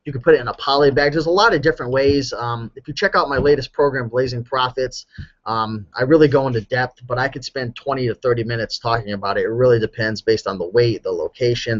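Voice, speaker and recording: A man chatting casually on a live stream, answering viewer questions about reselling clothes, relaxed and full of ums, a bit hoarse. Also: medium pitch, highs cut off. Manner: relaxed, chatty, with many ums and you-knows. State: slightly hoarse.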